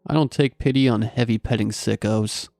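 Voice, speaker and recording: A man's voice: on the low side, fairly even intonation, normal speed, creaky, a little mellow, no echo, soft background music. A man reading the lines of a tough female hitwoman, delivered curtly and bluntly. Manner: curt and hard-bitten.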